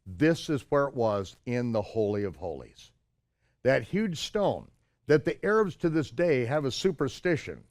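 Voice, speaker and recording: An older man telling a personal story in an animated way, acting out the shouted exchanges in a higher voice. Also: unhurried, no echo, clean studio sound. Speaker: storyteller recounting his own travels. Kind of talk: anecdotal storytelling.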